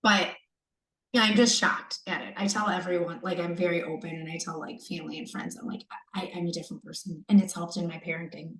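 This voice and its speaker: A woman's voice: fairly low pitch, fairly even intonation, brisk, a bit bright. Emotional pregnant woman in a roomy echo. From United States. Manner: emotional, rambling, many fillers and restarts. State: pregnant, third trimester. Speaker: coaching client. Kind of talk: candid video-call testimonial.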